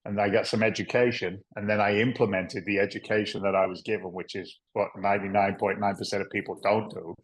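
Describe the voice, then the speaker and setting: Low-voiced man telling candid stories. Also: flat delivery, fast talker, hardly any pauses, rough recording. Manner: candid, rambling, salty, with frequent "right?" asides. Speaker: podcast guest, real estate investor. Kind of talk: casual storytelling interview.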